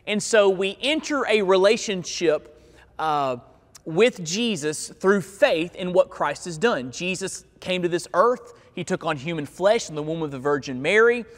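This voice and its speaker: A male pastor preaching a sermon in a church, stressing key words and stretching them out slowly. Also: sits high, animated. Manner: emphatic preaching with slow, drawn-out key words. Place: church sanctuary. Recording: long hall reverb.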